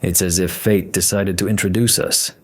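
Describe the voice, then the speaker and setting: Male narrator doing an ominous train passenger, formal, courteous, low voice, audio story. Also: steady tone, normal speed. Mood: polite. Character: polite talkative male passenger with a gloomy edge.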